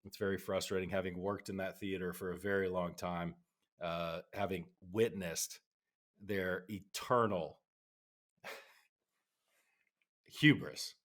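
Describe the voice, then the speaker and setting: A middle-aged man co-hosting a podcast, ranting in an animated way and slipping into mock voices. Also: low-pitched, takes it slowly, pauses often. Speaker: podcast co-host. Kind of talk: casual podcast chat.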